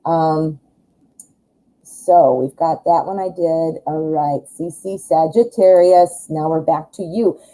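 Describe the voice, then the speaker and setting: A woman's voice: sits low, takes it slowly, warm tone, rough recording. A woman giving a chatty live tarot reading, reassuring and thinking aloud with plenty of fillers. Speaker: tarot reader.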